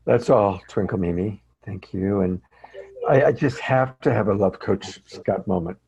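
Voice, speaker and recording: Low dark-voiced man coaching gently. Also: unhurried, breathy edge, poor audio. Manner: gentle, encouraging, affirming. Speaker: coach leading a group training. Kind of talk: coaching feedback on a video call.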